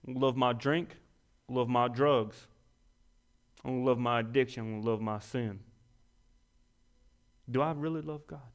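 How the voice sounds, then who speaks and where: A young man preaching a sermon in a folksy, self-deprecating way, rising to emphatic peaks. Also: medium pitch.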